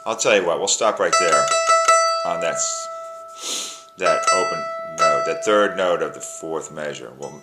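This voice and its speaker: A man with a very low voice gives a relaxed music lesson, counting the beat out loud and walking through the tune phrase by phrase. A plucked string instrument plays loudly around his talk. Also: measured pace. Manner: counts beats aloud, breaks tunes into phrases. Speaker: music teacher. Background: plucked string instrument playing.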